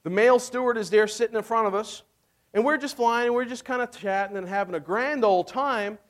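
A man preaching a sermon, retelling the story with lively acted-out voices and frequent laughs. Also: high-pitched, a little fast. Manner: animated, acts out voices, laughs often. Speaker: pastor.

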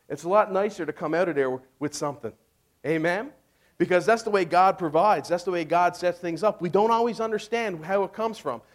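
Brief: high-pitched male pastor, casual and joking, preaching a sermon. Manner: casual, joking storyteller asking "amen?".

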